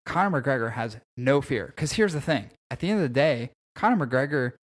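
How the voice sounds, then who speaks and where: A man co-hosting a casual podcast, talking about fights in an animated, opinionated way and swearing freely. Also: medium pitch, a little fast. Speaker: podcast co-host.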